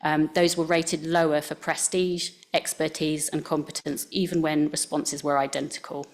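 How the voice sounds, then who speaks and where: A woman's voice: low-pitched, little pitch movement, moderate pace. A woman with an accent close to received pronunciation, giving a talk to scientists in a casual, conversational way with frequent fillers. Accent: near received pronunciation English. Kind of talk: presentation talk. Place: talk venue.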